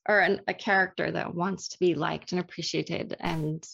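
A woman's voice: lowish voice, moderate pace, gravelly, highs cut off. A young woman, an actress being interviewed, talking casually and laughing easily at herself. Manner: animated, self-deprecating, laughs often.

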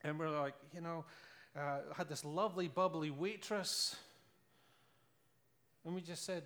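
Scottish male preacher, earnest storyteller, slightly higher voice. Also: steady tone, normal speed, a bit bright. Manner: earnest, storytelling, with rhetorical questions and laughs. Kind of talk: sermon.

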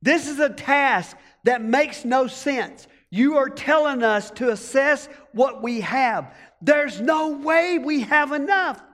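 High-voiced, slow-preaching man. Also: a bit bright, in a large hall. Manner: rhetorical, emphatic preaching. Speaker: pastor. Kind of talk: sermon.

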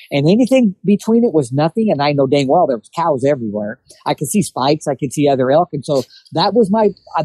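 In a casual chat, a male guest tells a hunting story with animation, acting out the things people said. His voice is on the high side, and the recording is dry and rough.

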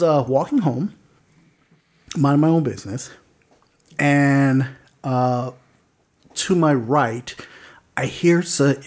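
A man hosting a casual podcast, telling stories in a rambling way with lots of fillers and chuckles. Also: medium pitch. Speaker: podcast host.

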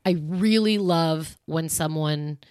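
A woman's voice: low voice, slow, darkish tone, clean tone, no echo, clean studio sound. A woman in her thirties hosting a podcast, chatting casually about relationships and laughing easily. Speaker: podcast host.

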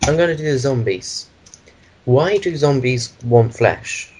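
A man with a husky, slightly rough voice, chatting casually as a podcast co-host. He talks in loose, rambling stretches, circling around his ideas at an even, middle pitch. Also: unhurried, poor audio. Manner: rambling, meandering explanations. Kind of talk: casual chat.

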